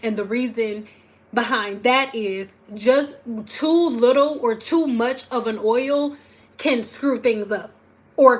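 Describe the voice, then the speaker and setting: Chatty woman from Detroit hosting a livestream. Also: a little high. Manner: chatty, animated, swings from loud squeals to soft asides. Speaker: hair care livestream host. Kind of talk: casual livestream chat.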